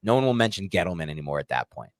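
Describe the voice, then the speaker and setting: A stressed man co-hosting a sports podcast, ranting heatedly and swinging between loud outbursts and muttered calm. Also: deep voice, rapid-fire, no room sound. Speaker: podcast co-host. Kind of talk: casual sports podcast rant.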